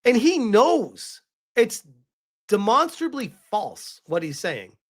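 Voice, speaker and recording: A man's voice: high voice, big pitch swings, takes it slowly. A man commenting live on a stream, emotional and rambling, often restarting his sentences.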